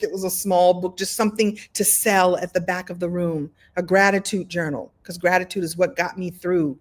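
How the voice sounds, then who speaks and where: A woman teaching a live online storytelling workshop, talking in an animated, conversational way with many repetitions. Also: lowish voice. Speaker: story coach. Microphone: video call.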